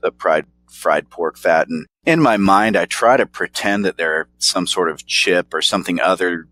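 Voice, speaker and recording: Male podcast co-host, low voice, relaxed rambling delivery, laughs easily. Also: normal speed, slight background noise. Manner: laid-back, rambling, chuckles often. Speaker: podcast co-host reviewing snacks. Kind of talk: casual chat.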